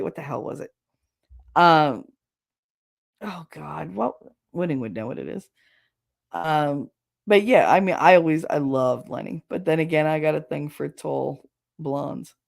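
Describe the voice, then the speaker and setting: A woman's voice: low-pitched, very animated, a little slow, gravelly, pauses often, darkish tone. Chatty, rambling woman livestream host. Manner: chatty and rambling, laughs often. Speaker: livestream host reading chat. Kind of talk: casual chat.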